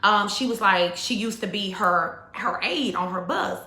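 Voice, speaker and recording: A woman's voice: mid-range voice, measured pace, bright, forceful tone. A woman and mother telling a personal story to her viewers in a casual, rambling way, talking straight to them. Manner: chatty, rambling, full of "like" and "you know", addresses viewers as y'all. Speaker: spiritual YouTuber and mother. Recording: echoey room.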